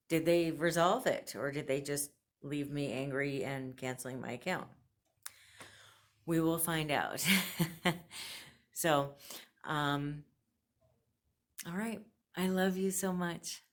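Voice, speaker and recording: A woman vlogger venting to camera, blunt and frustrated, laughing between complaints. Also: deep voice. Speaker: fashion subscription box vlogger.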